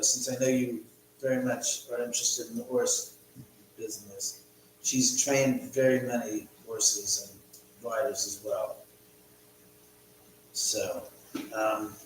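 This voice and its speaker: A man with a mid-range voice runs a relaxed live stream at home, chatty, meandering and freely profane. The recording has a slight hiss or hum, an echoey room and a far-off microphone.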